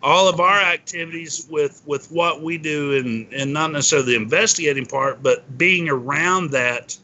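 Bright-voiced man musing in halting phrases. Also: on the high side, rough recording. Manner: halting, rambling theorizing. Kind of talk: casual discussion.

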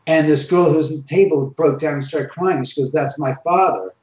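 A man with a somewhat high voice tells stories in a casual podcast chat. He acts out every line of dialogue. The recording is roomy and a little dull. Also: brisk, a little hiss or hum. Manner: animated, acts out quoted dialogue. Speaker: guest, owner of a reputedly haunted house.

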